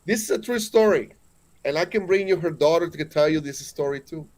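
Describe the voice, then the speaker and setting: This interview guest is a Mexican-accented man in his forties whose pitch sits slightly above the typical male range. Speaking a little fast in a darkish tone, he recounts spiritual stories with earnest emphasis, frequently tripping over words and restarting.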